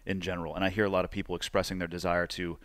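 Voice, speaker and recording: A man hosting a podcast speaks in a very low voice, measured and reflective. The sound is close and dry, with no room around it. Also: level tone, fairly bright tone, no room sound. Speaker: podcast host. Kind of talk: casual conversation. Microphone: close podcast mic.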